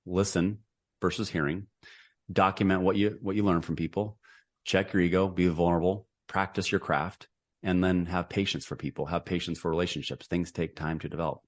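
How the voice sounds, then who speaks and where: Brief: middle-aged man, low voice, earnest podcast guest who rambles and restarts a lot. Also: steady tone, fairly quick. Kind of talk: casual interview conversation.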